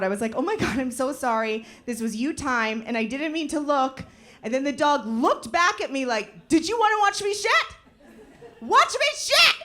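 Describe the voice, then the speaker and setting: A woman performing stand-up with a bright, forceful voice that sits a little high. She tells her stories in an animated way and jumps into shouted, squealing voices for the people in them. It sounds like a live comedy set. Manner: animated storytelling, acting out voices with loud high yelps.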